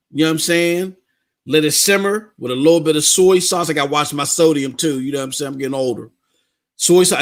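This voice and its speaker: A middle-aged man, hosting a casual live gaming stream, animated and repetitive, laughing often. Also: on the high side.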